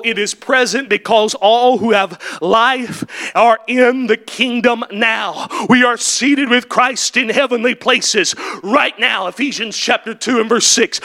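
A man preaching with a very high, bright, forceful voice. He climbs through repeated lines into full shouts, then sinks to a hushed tone and asks the congregation questions. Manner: builds to impassioned shouted climaxes, then drops to quiet; rhetorical questions and repeated refrains. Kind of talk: sermon.

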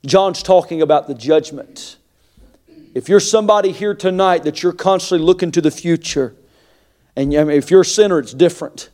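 A man with a high, light voice preaching a sermon to a congregation. He talks plainly and confidingly at times, then builds into loud, rising preaching that hammers each phrase. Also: normal speed. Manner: swings from quiet asides to shouted preaching. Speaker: pastor.

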